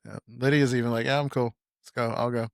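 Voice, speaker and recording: Podcast guest: young man, blunt, rambling, mid-pitched voice, dry close mic. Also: steady tone, fast talker, creaky, no room sound. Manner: blunt, rambling, swears freely. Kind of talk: casual chat.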